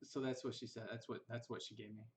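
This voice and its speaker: A man's voice: mid-range voice, level tone, quick pace, a little hiss or hum. Bitter, rambling young man telling his story. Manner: bitter, rambling, quotes others in mocking voices. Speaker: vlogger recounting family history. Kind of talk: casual personal storytelling.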